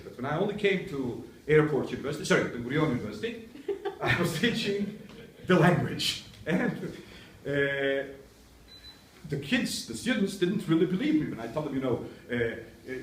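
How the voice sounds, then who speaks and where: A male university lecturer telling humorous anecdotes to a touring group, chuckling often. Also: on the high side. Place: indoor museum hall. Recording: echoey room, distant mic, faint ambience.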